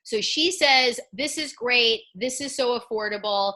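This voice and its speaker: This is a woman leading a live coaching call over video. Her voice is slightly high and bright. She acts out little dialogues with clients as she teaches. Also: unhurried. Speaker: coaching school founder.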